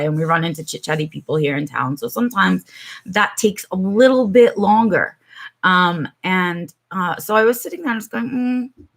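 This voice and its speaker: A woman's voice: lowish voice, gravelly, fairly bright tone. A middle-aged woman chatting on her live stream from home, telling a long story with many ums and asides to her viewers.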